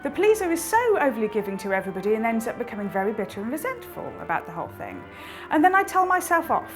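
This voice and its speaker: A woman explaining inner personalities in a lively, animated motivational talk. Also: fairly high pitch, fast, over music. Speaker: speaker on intuition.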